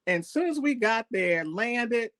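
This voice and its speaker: A woman chef as an interview guest, telling stories in a lively, animated way and laughing often. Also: fairly high pitch, a little slow. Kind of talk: casual interview storytelling.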